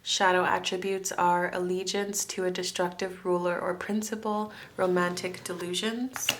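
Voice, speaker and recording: A woman's voice: fairly low pitch, level tone, normal speed, a little hiss or hum. A woman from France giving a pick-a-card tarot reading, chatty and musing, often thinking aloud with fillers and restarts. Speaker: tarot reader.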